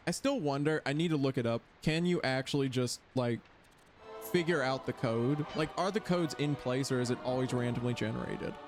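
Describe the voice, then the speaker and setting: A man commentating his own gameplay as a streamer, chatty and quick to launch into exaggerated, exasperated rants. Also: mid-range voice, music in the background. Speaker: gaming streamer. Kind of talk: let's play commentary.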